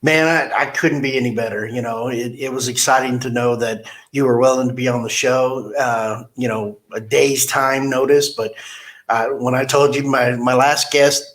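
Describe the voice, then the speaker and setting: A man's voice: mid-range voice, fairly even intonation, moderate pace, fairly bright tone. A man hosting a podcast, chatting casually and telling rambling, blunt stories. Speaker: podcast host. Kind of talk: casual interview chat.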